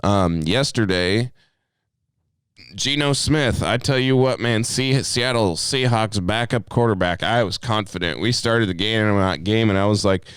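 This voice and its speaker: A young man ranting through a story on a casual podcast, swearing freely and acting out what he said in the moment. His voice sits on the low side and sounds smooth and clear. The sound is close and dry, with no room around it. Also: measured pace, no room sound. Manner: animated ranting storyteller, swears a lot, acts out his own outbursts. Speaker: podcast co-host. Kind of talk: casual chat.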